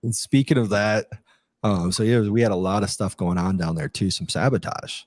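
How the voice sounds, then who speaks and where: A man's voice: fairly low pitch, fairly even intonation, moderate pace, a little mellow. A middle-aged man, a retired army captain, telling his story in a casual interview, rambling with many fillers and restarts.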